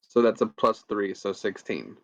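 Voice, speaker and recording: Laid-back joking man, lively voice. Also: on the low side, moderate pace, dry recording, dull audio. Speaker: player. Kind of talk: casual tabletop game chat.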